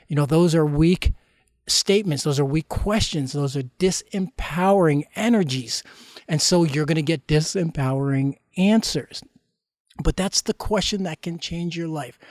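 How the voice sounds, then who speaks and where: High-voiced emphatic male motivational coach. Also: a little mellow, dry recording, clean studio sound. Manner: emphatic, preachy, full of rhetorical questions. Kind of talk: motivational talk.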